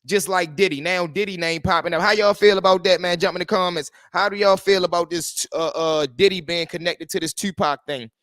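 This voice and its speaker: A man hosts a livestream, telling street stories and commenting in a lively, repetitive street-talk manner. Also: high-pitched, a little fast, hardly any pauses, no echo, clean studio sound. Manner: animated street talk, repeating phrases. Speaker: host.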